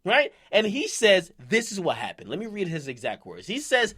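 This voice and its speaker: A man's voice: high voice, huge pitch swings, moderate pace, pushed and bright, breathy edge. A young man giving hip-hop news commentary, recapping and reading from an interview in a brash, profane, slangy way.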